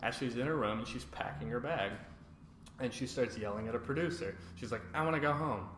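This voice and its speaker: Speaking a little fast in a mid-range voice, this man co-hosts a podcast and walks through a reality show episode, performing what the cast said. The recording is roomy and echoey, with slight background noise.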